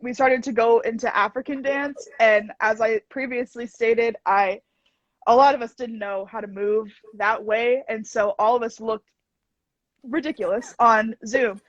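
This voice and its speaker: A woman's voice: fairly high pitch, unhurried, no echo, muffled recording. Young woman student telling stories, dry sound. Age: young adult. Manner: animated storyteller. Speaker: college student. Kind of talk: casual interview chat.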